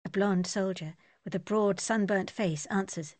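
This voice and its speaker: A woman narrating an audiobook in a steady, descriptive manner. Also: medium pitch, unhurried, few pauses, dry recording.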